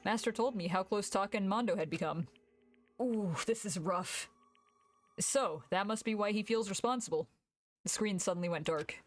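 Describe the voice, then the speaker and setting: A woman streamer reading game dialogue aloud and reacting with loud, swearing outbursts and laughter. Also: mid-range voice, a little fast, soft background music.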